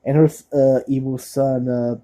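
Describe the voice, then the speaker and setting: Man, very dark voice, casual horror film vlog, rambling, lots of fillers. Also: medium pitch, little pitch movement, moderate pace, low-quality recording. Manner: rambling, many fillers and restarts; laid-back, offhand. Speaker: horror movie reviewer. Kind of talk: casual movie recommendation vlog.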